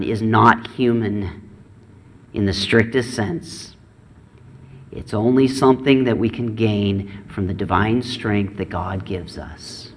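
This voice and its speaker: A man's voice: medium pitch, slow. Earnest middle-aged preacher man. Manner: earnest, swings from raised to hushed. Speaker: pastor. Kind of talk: sermon.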